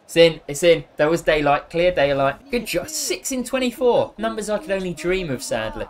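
A young man giving excitable, jokey live commentary on a football video game, cheering and scolding the players. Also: fairly high pitch, normal speed, hardly any pauses. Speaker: gaming YouTuber.

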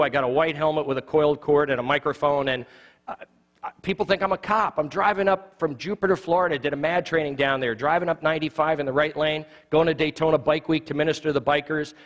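A man in his forties teaching an evangelism class in a church, a quick, jokey storyteller who acts out the dialogue in his stories. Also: fairly high pitch. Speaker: lay evangelism trainer. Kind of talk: live teaching talk with humorous stories. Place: church sanctuary. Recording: long church reverb.

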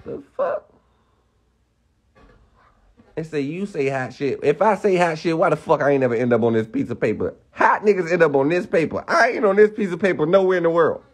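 A man's voice: on the high side, expressive, fast, few pauses. A young man ranting on a phone live stream, heated and profane, firing off rhetorical questions. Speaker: livestreamer.

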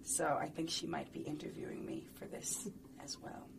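A woman's voice: sits low, steady tone, normal speed, vocal fry, whispered. A woman talking casually and playfully in an interview, rambling and chatty with lots of fillers.

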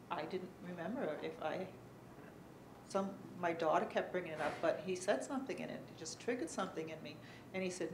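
A middle-aged woman giving earnest personal testimony as a panelist at a conference, speaking haltingly with pauses and fillers. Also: lowish voice, echoey room, noisy background. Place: conference room.

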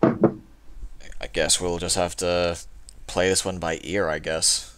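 A man's voice: low-pitched, little pitch movement, takes it slowly, very noisy. A man playing a tabletop role-playing game, talking hesitantly with many fillers and casual swearing. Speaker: tabletop player.

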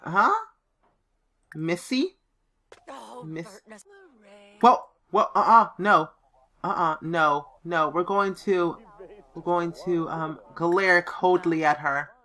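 Playing a life-sim game, this woman reads the options aloud and gives the characters playful voices in casual commentary. She takes it slowly and pauses often, her fairly low voice a bit bright.

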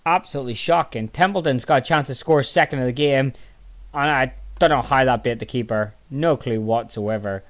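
A tired, yawning man commentating casually on his own football management game, muttering low between excitable outbursts. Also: normal speed. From Northern Ireland. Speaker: gaming channel host.

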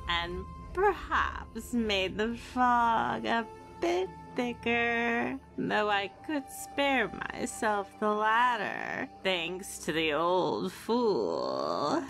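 A woman voicing a scheming, cruel old witch in a video game, taunting in a slow, drawn-out way. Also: mid-range voice, sing-song, creaky, fairly bright tone, exaggerated voice. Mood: scornful. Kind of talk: game voice acting. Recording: game audio with music behind.

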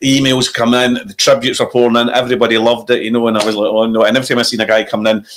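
A Scottish comedian spins a story in casual conversation. He is animated and breaks into impressions of other people. His voice sits at a medium pitch. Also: rapid-fire, noisy background. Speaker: comedian guest.

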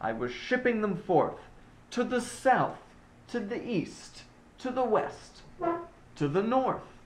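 A man reading a rhyming children's storybook aloud in an expressive read-aloud manner. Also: high-pitched, takes it slowly.

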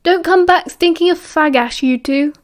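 A woman's voice: very high voice, moderate pace, voice pushed up. A woman with a British accent voicing a cheerful, eager teenage boy who reassures his friend. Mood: tired.

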